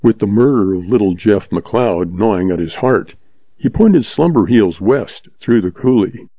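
A man narrating a western novel as an audiobook in a steady, measured read, with a dull, dry, lo-fi sound. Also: fairly low pitch, no room sound.

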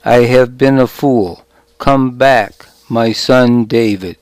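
A man's voice: medium pitch, slow pace, darkish tone, dry recording, natural voice. A man reading the part of a remorseful aging king in an audiobook, calling out plaintively.

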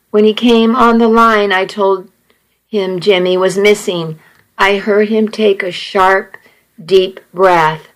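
A woman's voice: mid-range voice, rough recording. A woman narrating a first-person story in an earnest, emotional way.

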